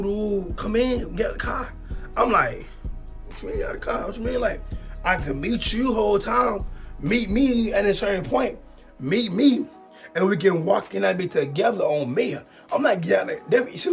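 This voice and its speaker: A young man, telling a long storytime with slangy, repetitive, excitable talk. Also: sits high, vocal fry. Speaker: storytime YouTuber. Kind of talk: animated storytime monologue.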